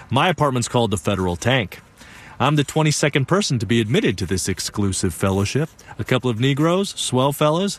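A young man performing a one-man theatrical monologue, narrating with vivid, animated storytelling. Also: medium pitch. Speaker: solo stage performer and narrator.

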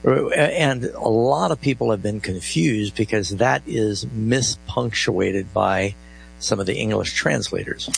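A man's voice: lowish voice, unhurried, vocal fry, a little hiss or hum, rough recording. A man hosting a live call-in Bible radio show, explaining scripture and reading verses aloud with stressed emphasis.

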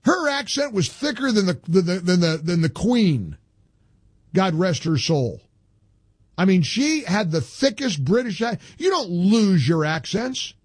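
A husky male radio host with a lively, swooping delivery. He argues hard and repeats his lines for emphasis, speaking close to a dry studio mic. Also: high-pitched, unhurried, no echo. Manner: animated, combative, repeats phrases for emphasis. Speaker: radio talk show host. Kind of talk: talk radio monologue.

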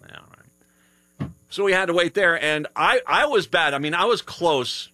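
A man hosting a live radio show, tired after a long day of travel. He talks casually and rambles, restarting his sentences often. His voice sits a bit high and bright, close and dry in the studio. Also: expressive, normal speed, dry recording. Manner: rambling, with many restarts and laughs. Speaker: radio host.

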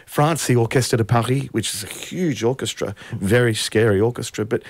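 A man's voice: normal speed, slight background noise. A middle-aged man from Australia, a conductor telling anecdotes in an interview and acting out the voices he quotes. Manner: anecdotal, acts out quoted voices with rising pitch. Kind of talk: interview storytelling.

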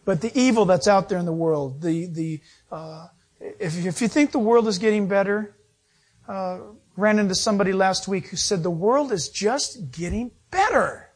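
A man's voice: sits high, normal speed, a little mellow. A middle-aged male pastor preaching a sermon, acting out quotes and laughing as he goes.

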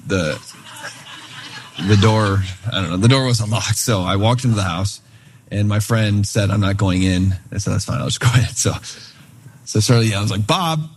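A man preaching a sermon in a relaxed, conversational way, telling a story and voicing the people in it. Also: fairly low pitch, moderate pace, breathy edge. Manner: conversational, animated retelling with quoted voices. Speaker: pastor.

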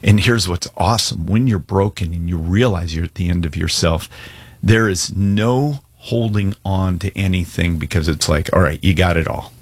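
Male pastor, low husky voice, dry close sound, earnest casual preaching. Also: normal speed, dry recording. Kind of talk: sermon with altar call.

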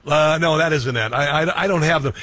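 A man hosting a political talk show, speaking quickly with many fillers and a scoffing tone. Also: a little high, a bit bright, no room sound. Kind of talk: opinionated commentary.

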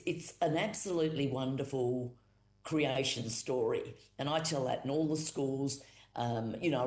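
A woman with an Australian accent telling a traditional creation story as a storyteller, unhurried and repetitive, with fillers. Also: extremely low pitch, darkish tone. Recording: roomy echo.

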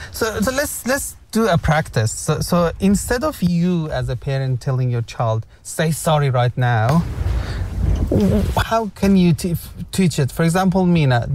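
A man's voice: a little high, lively intonation, normal speed, darkish tone. A man hosting a casual parenting discussion, coaching the group with examples and practice prompts. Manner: coaching, gives examples and role-play prompts.

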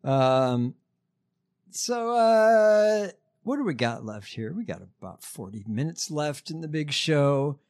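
Male podcast host, casual political chat, halting and crude, voice a bit high. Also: animated, darkish tone. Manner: profane, halting with many fillers.

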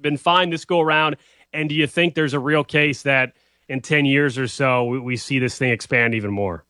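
A male co-host asks brisk, conversational questions. His voice is bright and forceful and sits a bit high. The sound is dry and close. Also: dry recording. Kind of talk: casual sports talk.

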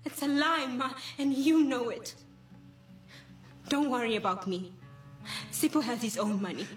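A woman's voice: a little high, a little slow, natural voice. A woman playing a rebellious teenage daughter, tearful and defiant. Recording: echoey room, distant mic, faint music.

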